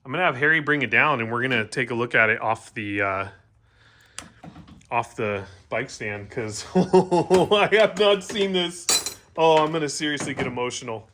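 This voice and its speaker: A man hosting a casual bike build vlog, excitable and joking, often stammering and restarting his sentences in a home workshop. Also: mid-range voice, fairly quick, a little hiss or hum. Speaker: channel host.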